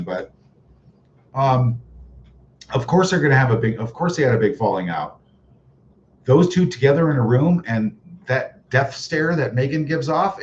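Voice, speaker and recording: A man hosting a casual livestream, reading viewer comments in a mocking, sarcastic way and chuckling often. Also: medium pitch. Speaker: livestream host reading chat. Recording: dull lo-fi livestream audio with faint noise.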